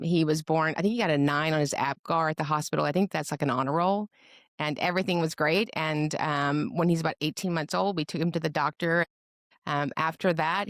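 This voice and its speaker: A woman's voice: deep voice, dry recording. Middle-aged lady guest telling her story, jokey, does the voices, dry close sound. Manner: lively storyteller who acts out quoted voices with humor. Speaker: guest, special education advocate. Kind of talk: personal storytelling in a podcast interview.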